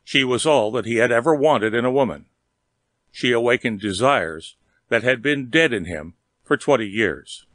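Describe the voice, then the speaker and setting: Man reading a story aloud, steady and measured, mid pitch, dry close sound. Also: dry recording. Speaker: narrator. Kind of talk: audiobook reading.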